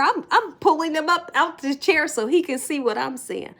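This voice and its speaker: At a moderate pace, a middle-aged woman with a high-pitched voice recounts a story to her vlog viewers from home. She's animated throughout, laughing a lot and now and then whispering.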